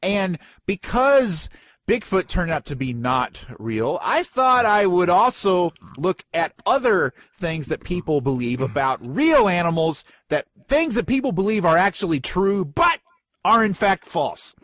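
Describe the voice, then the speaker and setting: A man with a slight lisp, an animated podcast co-host rambling and joking in casual chat. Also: high voice, unhurried, dry recording, clean studio sound.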